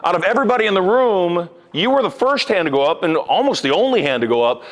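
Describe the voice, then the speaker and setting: An older man, a hypnotist and motivational speaker, gives a live seminar talk at a quick pace. His punchy, animated delivery swings between loud emphasis and low asides before an audience in a large event room.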